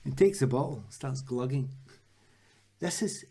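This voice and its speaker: This man from Scotland, a onetime footballer now in his sixties, recounts animated stories during an interview, mimicking the people he quotes. He speaks at a measured pace in a mid-range voice that sounds creaky and husky.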